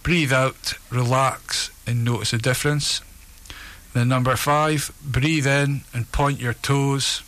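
Slow, calm man leading relaxation. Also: mid-range voice. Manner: calm, slow, steady instructions. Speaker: relaxation session leader. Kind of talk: guided relaxation instructions.

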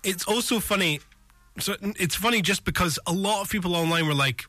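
A man hosting a casual film podcast, wry and teasing in quick banter. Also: high voice, sharp tone, no echo, faint music behind. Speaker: podcast host.

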